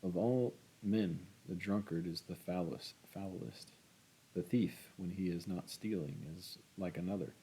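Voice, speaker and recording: A man voicing a scornful, blunt middle-aged woman in a read-aloud novel, louder and scolding. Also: low voice, a little slow, husky, exaggerated voice.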